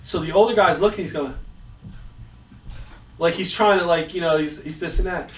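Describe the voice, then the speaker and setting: Here a man co-hosting a casual podcast speaks at normal speed in a voice on the high side. He spins animated stories, voices quotes, and swears freely. An echoey room, faraway mic, and faint hiss color the sound.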